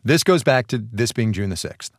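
A man co-hosting a casual talk show from a studio, animated and quick to laugh, often restarting his sentences. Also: lowish voice, no echo. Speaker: podcast co-host. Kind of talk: casual chat. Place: radio studio.

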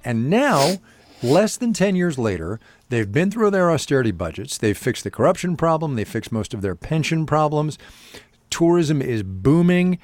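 A middle-aged man co-hosting a podcast in relaxed, chatty talk with plenty of fillers. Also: fairly high pitch, no room sound. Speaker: podcast co-host. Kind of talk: casual chat.

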